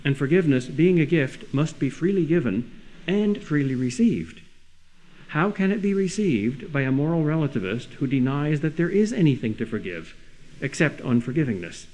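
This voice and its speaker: A man's voice: fairly high pitch, very animated, moderate pace, darkish tone, low-quality recording. A man delivering a sermon-like lecture, earnest and full of rhetorical questions with rising emphasis. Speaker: speaker.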